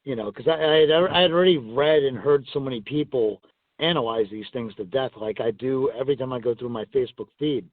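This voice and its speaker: A man's voice: mid-range voice, a little fast, no echo. A man in his fifties, a retired pro wrestler, telling rambling anecdotes with chuckles during a casual phone interview. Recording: dry tinny phone line.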